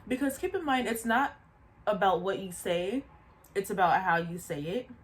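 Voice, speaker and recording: A woman vlogger telling a story in a casual, animated way, often stopping to remind the viewer of details. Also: mid-range voice, moderate pace. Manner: animated, chatty, repeats asides to the viewer.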